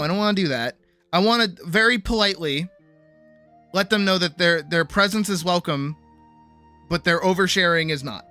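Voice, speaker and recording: Bright-voiced woman chatting on stream. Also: on the low side, fairly quick, faint music behind. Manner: rambling, acts out quoted voices of other people; swears casually. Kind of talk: casual chat with a live chat audience.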